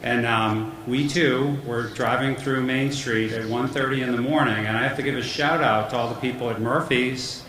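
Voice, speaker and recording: Middle-aged guy doing a funny commencement speech, mid pitch, echoey hall with noise. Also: fairly even intonation, normal speed, hardly any pauses. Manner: joking storyteller, self-deprecating. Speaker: commencement speaker.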